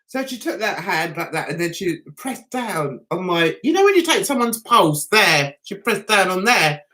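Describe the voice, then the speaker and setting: A woman's voice: lowish voice, sing-song, moderate pace, pushed and bright. Giggly woman telling a story. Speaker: YouTube host. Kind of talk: casual livestream chat.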